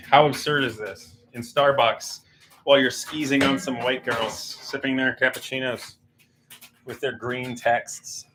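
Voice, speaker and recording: Male livestream host, mid-pitched, casual garage chatter, faint background noise. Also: bright, forceful tone. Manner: rambling, joking, reading chat aloud while working. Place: home garage.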